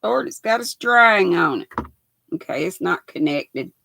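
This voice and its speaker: An older woman in her sixties with a raspy voice and a Southern US accent, chatting casually on a knitting livestream and reading viewer comments aloud in a folksy way. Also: lowish voice, animated, measured pace, sharp tone, no room sound. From United States. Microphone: built-in laptop mic.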